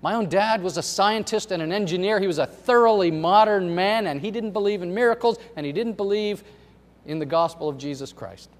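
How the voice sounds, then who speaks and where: A middle-aged male pastor preaches in a fairly high voice, telling stories and shifting from loud emphasis to quiet asides. His words ring out in a church sanctuary, trailing a long hall reverb. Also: brisk. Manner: storytelling, swings from loud emphasis to soft asides. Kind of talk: sermon.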